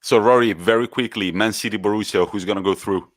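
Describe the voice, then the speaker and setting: A man's voice: on the low side, steady tone, fast, no room sound, studio quality. A man, co-hosting a podcast and chatting enthusiastically about football. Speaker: podcast co-host. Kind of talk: casual football chat.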